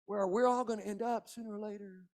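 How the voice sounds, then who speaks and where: A man, preaching a sermon as pastor, impassioned, with hushed passages and rising emphasis. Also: sits high, fairly even intonation, quick pace. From Kentucky.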